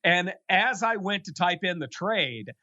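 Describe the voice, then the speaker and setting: A man's voice: high-pitched, expressive, a little slow, bright, forceful tone, dry recording. Man, guest expert, rambling, self-deprecating, muffled dry recording. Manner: rambling, self-deprecating humor, many restarts. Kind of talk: casual interview chat.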